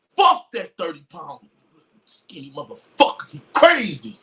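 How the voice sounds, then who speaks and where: A man rants in a loud, mocking way, swearing freely and shouting at times. His voice sits high and sounds bright and sharp. He is some way back from the mic. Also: sing-song, a little slow, far from the mic. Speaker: commentary streamer. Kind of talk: casual trial commentary rant.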